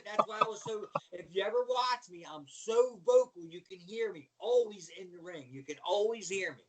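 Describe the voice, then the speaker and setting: A middle-aged man, a former wrestler, telling stories as a guest in lively casual chat. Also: high-pitched, normal speed, few pauses. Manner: animated storyteller, repeats "you know what I mean".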